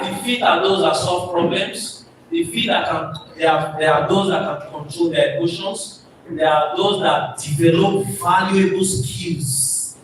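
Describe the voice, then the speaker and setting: A man giving a motivational speech to a live audience, preaching and firing rhetorical questions at the crowd. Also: high voice. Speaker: motivational speaker. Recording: echoey hall from far off with noise.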